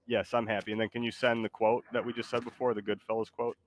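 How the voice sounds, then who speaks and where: A male streamer with a somewhat low voice chats casually, coaxing his co-host along. His talk rambles and restarts, and faint noise sits under it. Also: flat delivery, fast talker.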